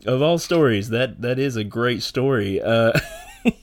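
A man hosting a podcast in casual chat, easygoing and quick to laugh, mostly giving short replies. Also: mid-range voice, expressive. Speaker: podcast host.

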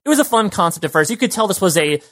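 A young man co-hosting a podcast, giving quick, opinionated takes in a casual chat. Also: high-pitched, lively intonation, fairly bright tone. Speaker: podcast co-host.

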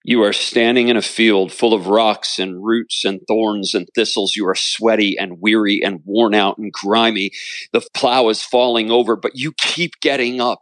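Low-voiced earnest pastor telling a story. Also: male voice, a bit bright, dry recording. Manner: earnest preaching cadence, repeats phrases for emphasis. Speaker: pastor and author. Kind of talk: storytelling interview answer.

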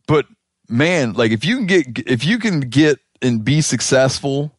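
A man hosting a podcast, talking in a rambling, animated, casual way and swearing now and then. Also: mid-range voice, dry recording, studio quality. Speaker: podcast host. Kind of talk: casual chat.

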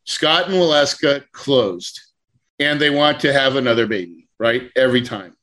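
A man coaching a class on real estate deals, telling a story with lively acted-out quotes. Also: medium pitch, moderate pace. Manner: animated storyteller, acts out quotes.

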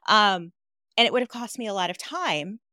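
A woman's voice: medium pitch, lively intonation, moderate pace, pushed and bright, no room sound, clean studio sound. A woman guest in a casual interview, playful and emphatic, laughing easily as she talks.

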